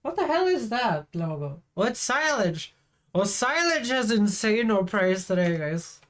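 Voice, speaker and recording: A woman's voice: mid-range voice, very animated, a little slow. A woman streaming a farming game, chatting casually and teasing her viewers with a playful, giggly manner. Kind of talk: casual live-stream chat.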